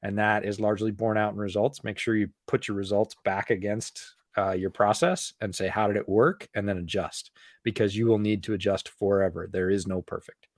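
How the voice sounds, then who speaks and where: Measured man explaining on a podcast. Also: fairly low pitch, fairly even intonation, no room sound, clean studio sound. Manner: measured, explanatory, repeats points for emphasis. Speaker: podcast co-host. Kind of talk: casual chat.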